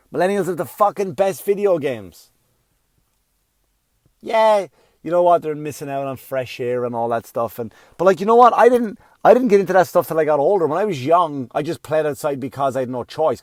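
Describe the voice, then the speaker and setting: Middle-aged male comic, higher-pitched, ranting and profane, dry close mic. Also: dry recording. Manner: profane, ranting, swings from mutter to yelling. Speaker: stand-up comedian. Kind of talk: stand-up comedy routine.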